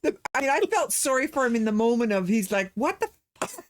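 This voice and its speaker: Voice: mid-range voice, fast talker, noisy background. A co-host in a casual TV reaction chat, agreeable, backing the other speaker with constant yeahs. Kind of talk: casual chat about a TV episode.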